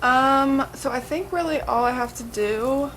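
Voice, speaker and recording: A woman's voice: high-pitched, measured pace, a bit bright, slight background noise, poor audio. A young woman chatting casually through a makeup tutorial, swearing and saying "like" and "um" a lot. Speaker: makeup vlogger.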